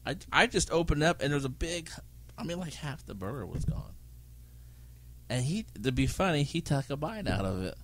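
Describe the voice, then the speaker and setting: Lively-pitched man telling stories. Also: normal speed. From United States. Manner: animated storyteller, mimics relatives with laughter. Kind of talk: casual chat.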